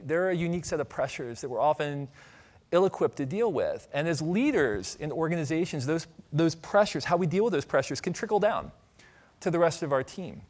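A middle-aged man from Ohio giving a conference keynote, telling stories with humor and asking the audience questions. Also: on the high side. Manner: animated storytelling, audience asides, light humor. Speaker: conference speaker. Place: conference stage.

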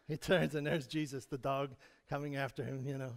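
A man's voice: medium pitch, fairly even intonation, normal speed, creaky. A man preaching a sermon to his congregation, speaking in a conversational way, chuckling often and putting questions to the people in the pews. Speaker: pastor. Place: church sanctuary. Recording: long hall reverb.

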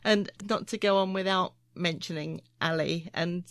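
A woman hosting a podcast, talking in a thoughtful, measured, musing way. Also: lowish voice, fairly even intonation, fairly bright tone, dry recording. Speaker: podcast host. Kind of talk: reflective podcast conversation.

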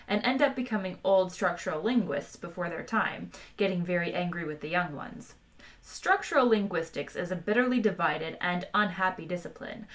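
Bright-toned woman streamer reading a novel aloud. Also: on the low side. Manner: wry, chats with viewers between passages. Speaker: audiobook reader streaming live. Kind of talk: live-streamed book reading.

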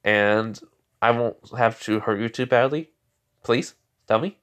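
A man voicing a calm, polite, cocky young male ninja in a casually told fan story, polite and breezy with smug ease. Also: mid-range voice, a little slow, clear, resonant tone, close to an everyday voice.

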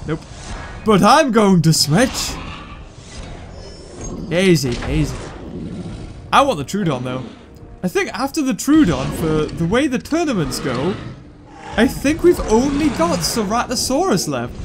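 A man giving excitable gameplay commentary, thinking out loud and breaking into sudden high yelps. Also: moderate pace. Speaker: gaming YouTuber. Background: game music.

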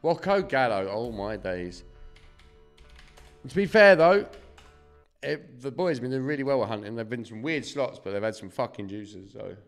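A man's voice: mid-range voice, animated, moderate pace, faint music behind. A young man doing casual live-stream commentary, swearing freely and chatting to his viewers. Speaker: slot streamer.

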